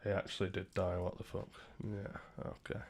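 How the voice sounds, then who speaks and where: A man's voice: sits low, level tone, moderate pace, creaky. A young man livestreaming from a room at home, chatting casually with his viewers in a crude, rambling way and swearing a lot. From Britain.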